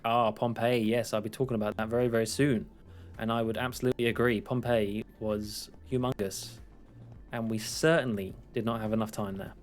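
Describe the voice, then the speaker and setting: A young English man streaming while he plays, chatting casually in a rambling, self-mocking way with frequent laughs. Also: mid-range voice. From England. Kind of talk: casual chat while gaming.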